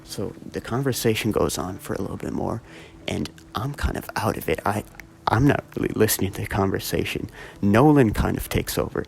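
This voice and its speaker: A man's voice: fairly low pitch, animated, a little fast, vocal fry, darkish tone. A young man telling a rambling story in a casual way, swearing a lot and using many fillers.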